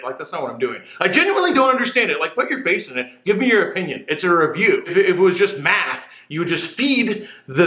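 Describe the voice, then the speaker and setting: A man's voice: a little high, fairly quick. A man hosting a motorcycle channel, ranting casually and with plenty of opinion to the camera. He swears, restarts his sentences and sounds sweaty. He has no microphone, so the room echoes. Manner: animated, opinionated, profane, stumbling restarts. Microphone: camera mic, no dedicated microphone.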